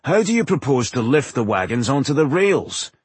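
A man's voice: medium pitch, big pitch swings, moderate pace, breathy edge, no room sound, pitched above the performer's own voice. A male narrator voicing a level-headed male dwarf warrior with a dry, joking manner. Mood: sceptical. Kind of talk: audiobook character voice.

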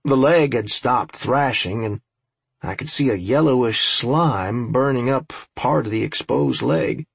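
A man with a gravelly, husky voice narrates a first-person audiobook. His delivery is dry and wry, salted with profanity. The sound is close and very dry. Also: medium pitch, measured pace, no room sound.

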